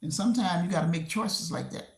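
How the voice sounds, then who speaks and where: A woman hosting a casual livestream from home while she clears her desk. She rambles and repeats herself, laughing often. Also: on the low side, lively intonation, quick pace, a little mellow. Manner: rambling and repetitive, with frequent laughs. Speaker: livestream host. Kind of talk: casual live-stream chat. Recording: roomy echo.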